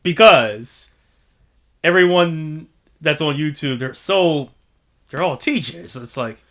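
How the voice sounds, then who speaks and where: Casual male co-host, bright and slightly high, loose and profane. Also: lively intonation, takes it slowly. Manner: loose, laughing, swears freely. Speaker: podcast co-host. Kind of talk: casual chat. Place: living in Japan.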